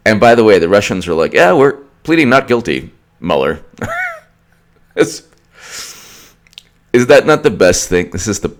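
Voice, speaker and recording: A man giving opinionated political commentary in a ranting, mocking way, with many restarts. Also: sits low.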